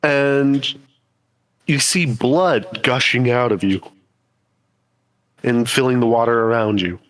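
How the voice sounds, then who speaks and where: A man narrating a tabletop game as game master in slow, descriptive speech over a voice call. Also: mid-range voice. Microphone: voice call microphone.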